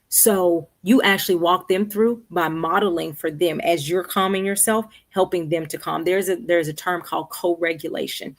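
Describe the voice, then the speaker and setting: Counselor, woman, middle-aged, lower register; conversational livestream advice with frequent check-ins. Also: steady tone, moderate pace, few pauses. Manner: conversational, checks in with "right?" and "okay". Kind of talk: live-streamed Q&A advice. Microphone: streaming setup.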